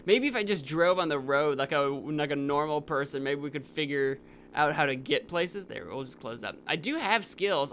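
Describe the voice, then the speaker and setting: A young man live-streaming a video game, rambling and correcting himself, with sudden excited outbursts. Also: fairly high pitch, normal speed, a little hiss or hum.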